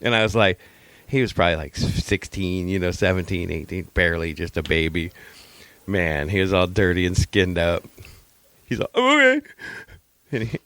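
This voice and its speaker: A middle-aged man co-hosting a podcast, chatting casually and telling stories with playful acted-out quotes and frequent laughter. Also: normal speed. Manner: animated storytelling, acts out quotes in high voices, laughs often. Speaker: podcast co-host. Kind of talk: casual chat.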